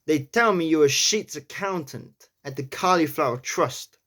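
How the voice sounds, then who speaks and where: Brief: man doing a New York gangster-type voice, a touch higher and punchier than his own. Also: sharp tone. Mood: tough. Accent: New York (imitated). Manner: deliberate, stressing each T with the tongue tip. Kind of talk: practice reading of play lines.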